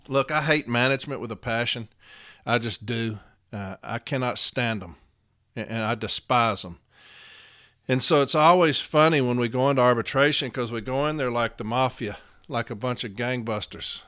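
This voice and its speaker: A man's voice: mid-range voice, fairly bright tone, clear, resonant tone. A man hosting a podcast as a union advocate, telling work stories in a blunt, profane, casual way and chuckling often.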